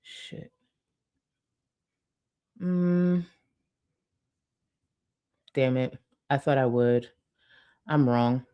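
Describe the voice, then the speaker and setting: A woman's voice: very deep voice, extremely slow, long pauses, clear, resonant tone. A woman giving casual commentary on a stream, talking bluntly with lots of swearing, recorded on a desk mic at home. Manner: blunt, profane, excitable. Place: home room with ring light. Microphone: desk mic with webcam.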